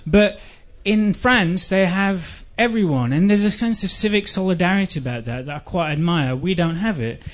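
Dry rambling English man, high voice. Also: normal speed, few pauses. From England. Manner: dry, rambling, self-deprecating delivery with sudden shouted outbursts. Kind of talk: comic monologue. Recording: dull lo-fi recording.

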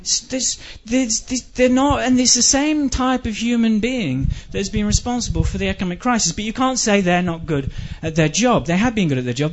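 Brief: male stand-up, high voice, rambling and stammering, muffled lo-fi live recording. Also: fairly quick, few pauses. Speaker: stand-up comedian. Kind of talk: stand-up comedy.

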